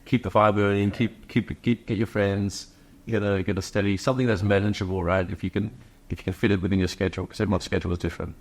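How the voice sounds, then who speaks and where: A man's voice: lowish voice, flat delivery, fast talker. A man hosting a podcast interview, chatty and sharing his own experiences. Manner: chatty, shares own stories. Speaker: podcast host. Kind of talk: casual interview chat.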